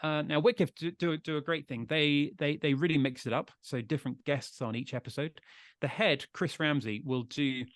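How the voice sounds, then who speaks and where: A man's voice: a little high, steady tone, moderate pace, no room sound. A man from the UK giving an online talk on podcasting, chatty and reassuring, often restarting his sentences, speaking into a close desk microphone. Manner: chatty, reassuring, frequent restarts and repeated words. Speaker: podcast trainer giving a webinar. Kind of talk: live online presentation with audience questions. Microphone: close desk USB microphone.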